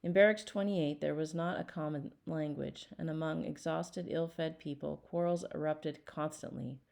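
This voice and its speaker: A woman reading a memoir aloud as an audiobook, in a measured and earnest first-person narration. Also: low voice, gravelly, darkish tone. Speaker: audiobook reader.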